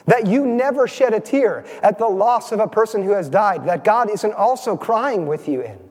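A man's voice: high-pitched, animated, normal speed, darkish tone, big-room sound. A man preaching a sermon as pastor, engaging his congregation with frequent questions.

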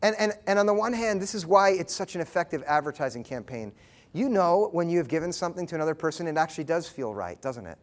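A man in his thirties preaching a sermon, telling a story earnestly and pausing for emphasis. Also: on the high side, animated. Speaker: pastor.

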